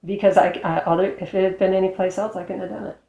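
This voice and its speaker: A woman's voice: mid-range voice, fast talker, vocal fry, muffled recording. Frank woman telling her story, roomy sound. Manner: frank, acts out quoted dialogue with lively shifts. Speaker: interview guest, former highway patrol officer. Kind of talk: candid personal storytelling.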